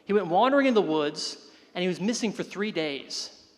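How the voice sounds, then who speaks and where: High-pitched male comic, self-deprecating storyteller, live room with long reverb. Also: lively intonation, normal speed. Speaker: stand-up comedian. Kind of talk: stand-up comedy set.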